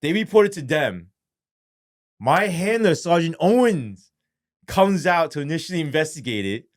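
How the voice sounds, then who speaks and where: Profane storytelling man, casual and animated. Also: a little high, measured pace. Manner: profane, animated retelling with acted-out quotes. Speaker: interview guest, former police sergeant.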